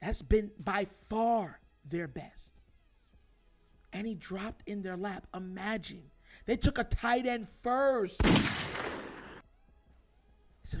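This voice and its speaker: A man hosting his own show, giving an emphatic, animated sports opinion monologue and calling his viewers y'all. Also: high voice, takes it slowly, pauses often, soft background music. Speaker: host.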